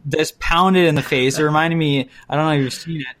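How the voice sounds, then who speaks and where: A man co-hosting a casual chat about movies, ranting bluntly and breaking into quick mimicked voices. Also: fairly high pitch, steady tone, fairly bright tone.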